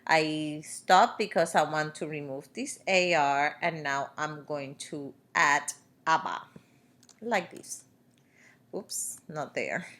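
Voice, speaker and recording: Low-pitched and fairly bright, this woman's voice moves at a slow pace as she teaches Spanish grammar. She explains each step patiently over a screen recording, using fillers along the way.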